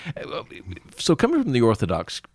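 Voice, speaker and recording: A man hosting a podcast interview in a library, chatty and quick to affirm his guest. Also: mid-range voice, huge pitch swings, no echo. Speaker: podcast host. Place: library recording room.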